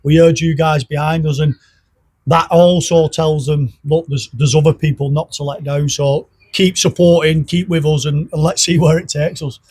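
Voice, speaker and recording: An earnest man, speaking as a coach after a match, who repeats himself as he searches for words. His voice is a little husky and slightly higher than most men's. The sound is dry and close. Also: little pitch movement, moderate pace, darkish tone, no room sound. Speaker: club coach. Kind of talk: post-match interview.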